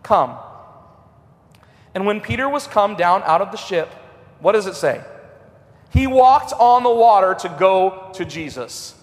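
A middle-aged man preaching a revival sermon in a church, swinging between loud and hushed. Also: high-pitched, animated, moderate pace. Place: church sanctuary. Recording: long hall reverb.

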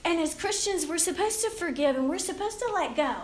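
High-voiced woman in her fifties, laughing often. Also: fairly quick, slight background noise. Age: 50s. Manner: chatty and animated, laughing often, acting out inner voices. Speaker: youth speaker. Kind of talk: informal Christian talk to young people. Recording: roomy, distant hall mic with faint ambience.

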